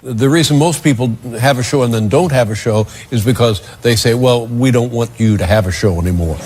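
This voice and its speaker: A man runs a formal sit-down interview and asks his questions in a measured, deliberate way. His voice is mid-pitched for a man. There is a faint hiss under the recording. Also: crowd noise.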